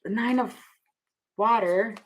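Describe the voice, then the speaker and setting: A woman's voice: fairly high pitch, slow pace, noisy background. A young woman giving a casual tarot reading to camera, rambling and laughing often as she thinks aloud. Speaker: tarot reader.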